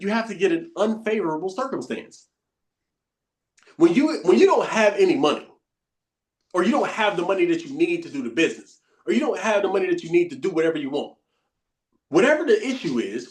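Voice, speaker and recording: A man runs a live online coaching session, his voice sitting noticeably high. He drives his points home through repetition and keeps asking the group whether they follow. The recording has a roomy echo around him. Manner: emphatic, repetitive motivational teaching; quizzes the group with questions. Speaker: bootcamp coach.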